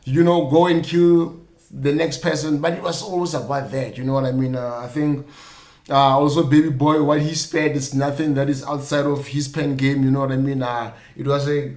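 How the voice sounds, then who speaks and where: A man's voice: medium pitch, steady tone, moderate pace, darkish tone, roomy sound. A young South African man hosting a podcast, talking loosely and casually with lots of fillers and jokey asides. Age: young adult. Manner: loose and chatty, many fillers like "you know what I mean", jokey asides. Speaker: podcast host. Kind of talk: casual solo commentary.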